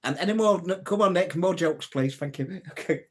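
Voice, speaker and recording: A man's voice: high-pitched, normal speed, husky. A man hosting a casual live stream, telling old jokes, reading out viewer comments and laughing at his own punchlines. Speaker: livestream host.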